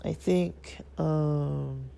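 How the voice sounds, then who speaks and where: Vlogger with a stuffy nose: heavy vocal fry, mellow tone, hesitant and rambling. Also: medium pitch, fairly even intonation, very slow, slight background noise. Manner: hesitant, rambling, many fillers. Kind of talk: casual reflective monologue.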